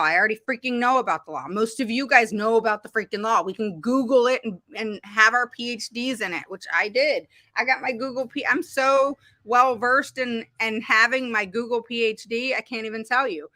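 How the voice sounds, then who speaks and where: A woman special education advocate talking straight to her viewers in a blunt, animated way, her voice swinging up and down as she talks. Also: mid-range voice, dry recording. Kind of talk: casual direct-to-camera talk.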